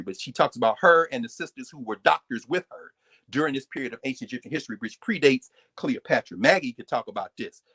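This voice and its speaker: A man giving a live, lecture-style talk as the guest on a recurring segment, animated and digressive, often breaking off his own sentences. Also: medium pitch. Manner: animated, digressive, interrupts himself.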